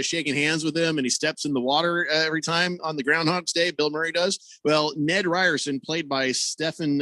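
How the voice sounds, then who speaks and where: A man's voice: fairly high pitch, bright, forceful tone, dry recording. A man hosting a sports radio show, rambling and joking in casual studio banter. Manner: rambling, filler-heavy, joking.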